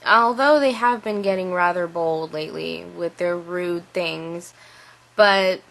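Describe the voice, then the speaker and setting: A young adult woman telling a story to camera in a casual vlog, animated and full of "like" fillers. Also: on the low side, slow pace, creaky, low-quality recording. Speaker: vlogger.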